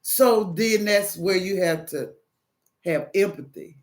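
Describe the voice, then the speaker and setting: A woman with a Southern US accent giving a casual devotional talk, animated and preachy, acting out phone calls as she goes. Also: mid-range voice, slow pace. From American South. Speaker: Christian single encouraging viewers.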